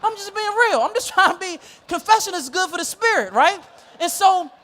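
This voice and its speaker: A male pastor telling a story in a sermon, animated and laughing as he goes. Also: extremely high pitch, a little fast.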